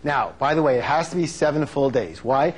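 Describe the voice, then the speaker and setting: A man giving a live motivational seminar on stage, energetic and playful, drawing call-and-response answers from the audience. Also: a little fast, slightly rough. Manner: playful, acts out quotes in high silly voices.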